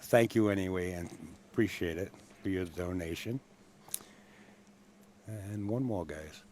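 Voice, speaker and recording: A man's voice: low voice, unhurried, darkish tone, slight background noise. A man hosting a pool stream, friendly and teasing as he thanks donors. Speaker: stream host. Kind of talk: reading out donations.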